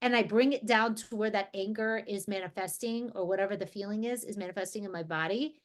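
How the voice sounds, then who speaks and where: A woman from New Jersey leading an energy healing group over a video call, talking in a relaxed, rambling way with many restarts. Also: mid-range voice, fast. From New Jersey, USA. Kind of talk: casual guided group talk.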